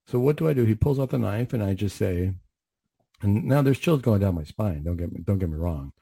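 Male clinician storyteller: low pitched, husky, reflective and earnest, restarts a lot. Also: expressive, brisk, mellow, no echo. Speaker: mental health clinician. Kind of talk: radio storytelling.

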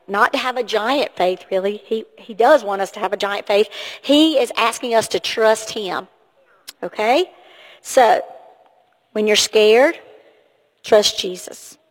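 A woman giving a children's sermon in a church, asking the kids lots of questions in an encouraging way. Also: a little high. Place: church sanctuary. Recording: long hall reverb.

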